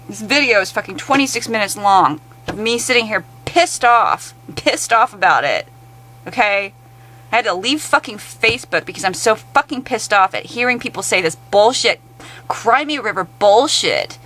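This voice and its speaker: A woman's voice: fairly high pitch, lively intonation, normal speed, sharp tone, rough recording. A woman in an angry, blunt, profane rant to camera. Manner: blunt, heavily profane, exasperated.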